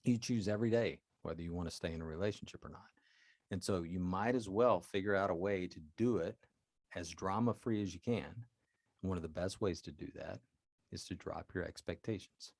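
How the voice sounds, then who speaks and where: A man's voice: low-pitched, fairly quick, a little mellow, dry recording. A man hosting a solo advice podcast as a life coach, talking earnestly and directly to his listeners.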